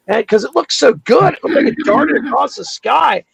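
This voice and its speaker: A man hosting a casual chat, telling animated, profane stories and acting out quotes. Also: extremely high pitch, normal speed, vocal fry, hardly any pauses, a little hiss or hum, poor audio. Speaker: podcast host.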